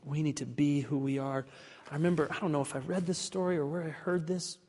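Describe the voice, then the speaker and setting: Male pastor, fairly high voice, emphatic preacher with quiet asides, long hall reverb. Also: fairly even intonation, quick pace, a little hiss or hum. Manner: emphatic preaching that swings between ringing declarations and hushed, confiding asides. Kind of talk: sermon.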